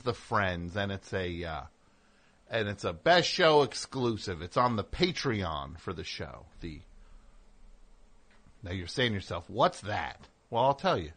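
A man's voice: medium pitch, a bit bright. A middle-aged man hosting a radio show, talking in a digressive, self-interrupting monologue with sarcastic asides. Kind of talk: rambling on-air monologue.

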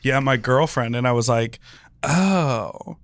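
A young man co-hosting a podcast, chatting casually with quick, teasing interjections. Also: on the high side, expressive, bright, forceful tone, no room sound. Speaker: podcast co-host. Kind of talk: casual chat.

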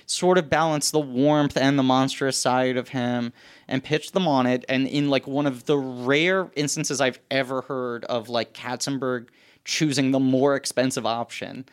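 A man's voice: medium pitch, steady tone, measured pace, smooth. A man co-hosting a casual chat podcast, telling stories in a rambling way with lots of fillers. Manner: rambling, filler-heavy storytelling. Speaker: podcast co-host.

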